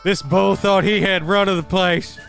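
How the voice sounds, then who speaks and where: A man voicing an over-the-top action-trailer narrator, loud, dramatic and mock-heroic. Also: high voice, fairly even intonation, moderate pace, vocal fry, soft background music, voice pushed up.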